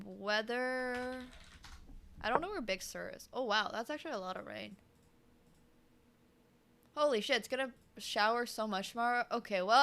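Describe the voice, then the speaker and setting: A woman's voice: mid-range voice, fairly bright tone, a little hiss or hum. A woman in her twenties commentating chess on a live stream in a casual, chatty way, humming and laughing between remarks. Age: 20s.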